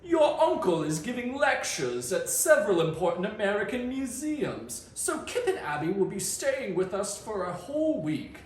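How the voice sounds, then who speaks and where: An upbeat, chirpy mom delivering family news, as a man reading a storybook aloud puts her on. The voice is raised and lively. A roomy echo and faint hiss sit behind it. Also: high-pitched, normal speed, hardly any pauses, recorded from a distance, pitched above the performer's own voice. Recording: roomy room with faint noise.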